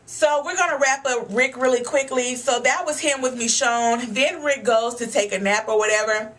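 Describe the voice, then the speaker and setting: A woman's voice: fairly high pitch, moderate pace, a bit bright. A young woman vlogger giving a casual, blunt and profane rant reviewing a TV episode. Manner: blunt, profane, exasperated ranting.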